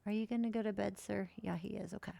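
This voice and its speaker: A woman's voice: mid-range voice, steady tone, fast, gravelly, mellow, dry recording. A woman streaming a life-simulation game, chatting casually and swearing now and then as she plays. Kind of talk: casual gameplay commentary.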